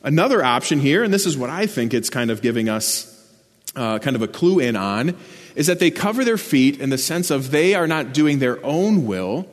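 A man's voice: mid-range voice, big pitch swings, moderate pace. A man preaching a sermon, earnest and explanatory, lifting his voice to stress key words. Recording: long church reverb.

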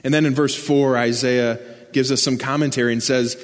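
A man's voice: medium pitch, fairly even intonation, normal speed. A man preaching a sermon, earnest and explanatory, lifting his voice to stress key words. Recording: long church reverb.

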